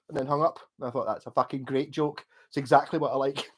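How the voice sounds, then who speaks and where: A man's voice: medium pitch, fairly even intonation, quick pace, few pauses, slightly rough. A man with a Scottish accent, tipsy from drinking, rambling and swearing heavily as he chats casually on a live stream.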